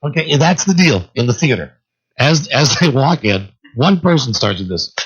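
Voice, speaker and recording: A male talk radio host telling a long story solo, animated and acting out the people in it, on a dull lo-fi radio broadcast. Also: medium pitch, normal speed, slight background noise.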